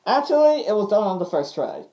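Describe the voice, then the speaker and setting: A woman voicing a pompous masked male villain with a mock Russian accent and deadpan threats. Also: mid-range voice, fairly quick, voice pushed down, natural voice, rough recording.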